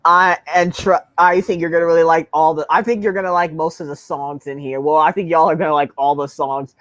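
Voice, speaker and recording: Excited guy hosting a livestream, keeps repeating himself, dry close sound. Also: on the high side, fairly quick, no echo. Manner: eager, repeats himself often. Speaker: livestream host. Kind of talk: casual chat.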